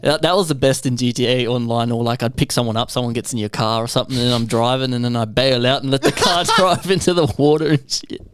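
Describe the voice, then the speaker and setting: A man's voice: mid-range voice, fast, hardly any pauses, slight background noise. A young man co-hosting a podcast, chatting eagerly and sprinkling in "bro" and "man". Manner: enthusiastic, slangy, says "bro" and "man" a lot. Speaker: podcast co-host. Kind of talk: casual chat.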